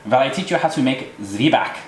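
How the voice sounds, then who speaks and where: A man's voice: mid-range voice, expressive, brisk, a little hiss or hum. Man in a hammy fake German accent. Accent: exaggerated put-on German accent. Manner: hammy, drops in German words. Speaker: cooking show host. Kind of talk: comic cooking tutorial. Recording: echoey kitchen with loud clattering cookware.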